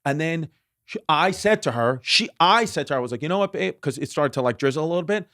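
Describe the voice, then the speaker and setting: A man's voice: on the high side, expressive, fast, fairly bright tone, no echo, clean studio sound. A man in his thirties hosting a comedy podcast, rambling through stories with lots of restarts and fillers. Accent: New York. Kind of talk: casual chat.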